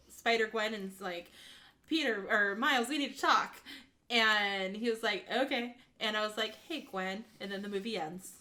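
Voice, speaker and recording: Chatty woman podcast co-host. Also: mid-range voice. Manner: animated storytelling with quick acted quotes and laughs. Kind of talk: casual movie recap chat.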